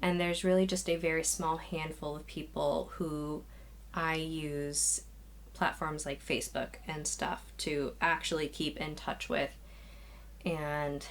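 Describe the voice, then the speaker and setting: A woman's voice: sits low, level tone, slow pace, slight background noise. Rambling, slightly breathless woman at home. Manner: rambling, with frequent restarts and sighs. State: a little out of breath. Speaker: knitting podcast host. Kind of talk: casual chat to camera. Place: small spare room used as a craft nook. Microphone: camera, moving in and out of frame.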